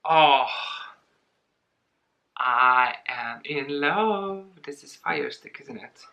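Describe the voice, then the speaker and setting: A woman talking casually in a home unboxing vlog, excitable and giggly, gushing over what she opens. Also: deep voice, drawn-out words, creaky, highs cut off. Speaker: plant vlogger.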